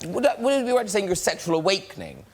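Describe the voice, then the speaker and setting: A man hosting a chat show, teasing his guests with giggly banter. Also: fast talker. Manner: teasing, giggly, lively pitch. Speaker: talk show host. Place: TV studio with live audience. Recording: studio audience crowd noise.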